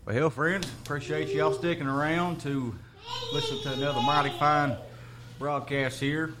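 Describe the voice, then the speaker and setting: A man's voice: on the high side, very animated, moderate pace, background noise. A man hosting a radio show, chatting with his guest in a folksy, easygoing way. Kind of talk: casual on-air chat.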